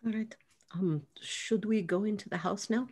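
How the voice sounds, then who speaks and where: Woman, tabletop player, tentative, casual, mid pitch. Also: normal speed.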